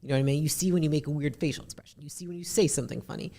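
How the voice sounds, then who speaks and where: A woman with a deep, raspy voice, a podcast guest talking bluntly and candidly, swearing casually. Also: fairly even intonation, mellow. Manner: blunt, swears casually, talks fast in bursts.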